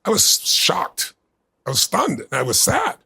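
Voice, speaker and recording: A middle-aged man being interviewed, telling a personal story in earnest and building to bursts of excitement. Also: sits high, a little slow. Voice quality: gravelly, husky. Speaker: guest.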